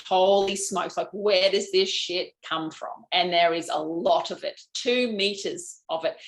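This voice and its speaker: A woman's voice: medium pitch, poor audio. A woman with an Australian accent hosting a live stream, chatting frankly and answering viewer comments about lymphatic health. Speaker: host, lymphatic health practitioner.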